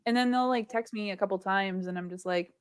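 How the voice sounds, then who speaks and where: A woman's voice: medium pitch, fairly quick, clear, resonant tone, no echo, clean studio sound. A woman co-hosting a casual livestream chat, telling a story with frequent laughs and lots of "like" fillers. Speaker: livestream co-host.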